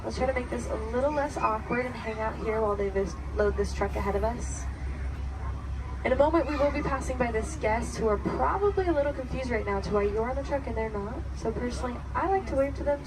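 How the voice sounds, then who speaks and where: A woman narrates a safari ride tour in a chatty, joking guide patter, her voice a little high. She rides an open-air truck, and loud vehicle noise runs under her voice. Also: fast, distant mic.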